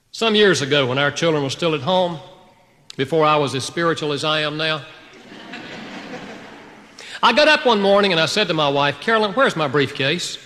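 A man preaching a sermon to a congregation, telling a personal story in an animated way, swinging between loud outbursts and hushed, quiet passages. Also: on the high side, big-room sound. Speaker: pastor.

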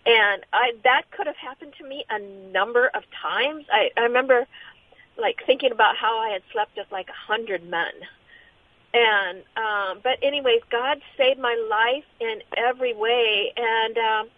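A middle-aged woman giving a personal testimony as an interview guest, speaking in a halting, earnest way with many restarts. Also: on the high side, no echo. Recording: tinny phone-line sound.

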